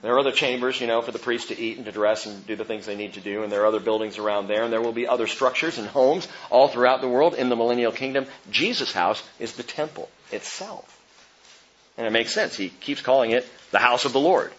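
A man's voice: medium pitch, quick pace, highs cut off. A man preaching a sermon, reading scripture aloud and posing rhetorical questions. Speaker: pastor.

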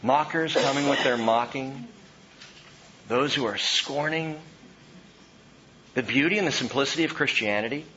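A man preaching an expository sermon in an animated way, dropping to a hush and rising loud for emphasis. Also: medium pitch, muffled recording, a little hiss or hum.

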